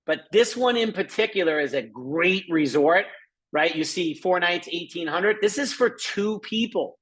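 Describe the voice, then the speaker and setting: Excited chatty man pitching travel deals. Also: measured pace. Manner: excited, chatty, many fillers and asides to viewers. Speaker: presenter of a travel membership. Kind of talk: live screen-share sales presentation.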